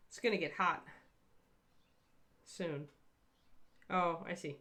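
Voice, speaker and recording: A woman's voice: on the low side, steady tone, takes it slowly, pushed and bright. A woman hosting a casual painting demonstration, chatty and rambling as she answers viewers in a live chat. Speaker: miniature painter hosting a livestream.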